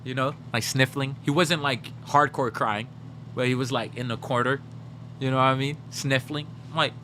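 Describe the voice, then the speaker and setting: A gaming livestreamer with a medium-pitched voice talks at normal speed while playing, telling animated stories, swearing, and answering his chat's messages directly in casual conversation. A little hiss or hum is audible.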